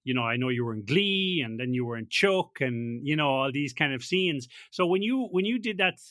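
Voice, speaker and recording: A man hosting an interview, asking questions in a halting, conversational way. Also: mid-range voice, lively intonation, fairly bright tone, no room sound. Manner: halting, many "you know" fillers. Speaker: podcast host, interviewer. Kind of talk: casual interview chat.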